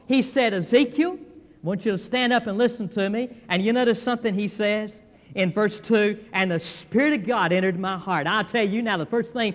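An older male pastor preaching a folksy, animated sermon, acting out what church members tell him. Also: high voice. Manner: folksy, animated preaching with quoted voices and laughs. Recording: long hall reverb.

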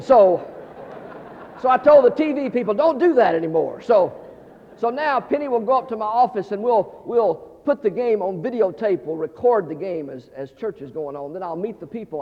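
A middle-aged man preaching a humorous storytelling sermon, animated, with stammering restarts and phrases repeated for effect. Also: a little high, a little hiss or hum. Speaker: pastor. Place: large church sanctuary. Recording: dull, reverberant church hall recording.

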